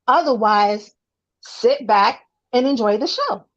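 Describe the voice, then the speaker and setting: A high-pitched woman chats on a casual livestream, hammering her points home to the viewers. Her audio sounds dull and lo-fi, as if coming through a weak connection. She talks with a Brooklyn-born woman's easy directness. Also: lively intonation, slow pace. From Brooklyn, New York. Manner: emphatic, repeats points for the chat. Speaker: co-host of a gossip livestream.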